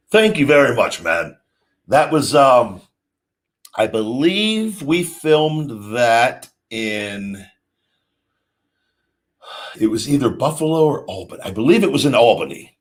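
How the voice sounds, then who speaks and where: A man's voice: mid-range voice, big pitch swings, takes it slowly, pauses often. A middle-aged man hosting a casual live show, rambling and restarting sentences as he tells stories. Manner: rambling, frequent restarts, storytelling with acted quotes. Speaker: podcast host. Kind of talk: casual live-stream chat.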